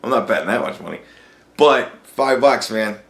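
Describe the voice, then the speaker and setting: A man's voice: lowish voice, lively intonation, normal speed, creaky, a bit bright, echoey room. A man hosting a podcast, telling a profane story in a casual, ranting monologue. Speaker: podcast host.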